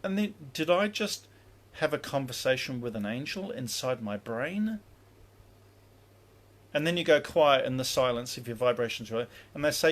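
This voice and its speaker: A man's voice: medium pitch, lively intonation, moderate pace. A man teaching spiritual practice in a casual livestream, rambling with many fillers and acting out inner dialogues.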